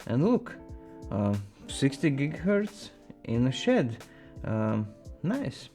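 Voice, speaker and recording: A man's voice: medium pitch, very animated, takes it slowly, dark tone, soft background music. A man hosting a casual show, reading viewer emails aloud and adding playful asides. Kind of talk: casual chat.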